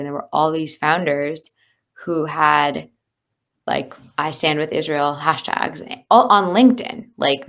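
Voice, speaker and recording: A woman's voice: low voice, a bit bright. A woman, a leadership coach, talking candidly and earnestly as an interview guest, with many fillers. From United States. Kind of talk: conversational interview.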